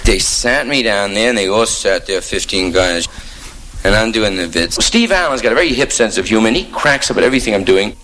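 Man, stand-up comic, slangy and animated, faint background hiss. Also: low-quality recording. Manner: hip, slangy, fast riffing with sudden pitch jumps. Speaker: stand-up comedian. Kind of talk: stand-up monologue.

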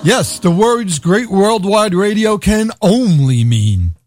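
A man's voice: high-pitched, lively intonation, slow, a little mellow, no echo, clean studio sound, soft background music. A man with a Brooklyn accent hosting a radio show, rambling sardonically and laughing at his own jokes. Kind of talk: irreverent comedic radio monologue.

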